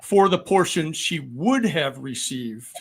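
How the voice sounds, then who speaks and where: Sixties male veteran guest, mildly high voice, patient explainer. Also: very animated, breathy edge. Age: 60s. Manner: explanatory, measured, with frequent ums. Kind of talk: podcast discussion.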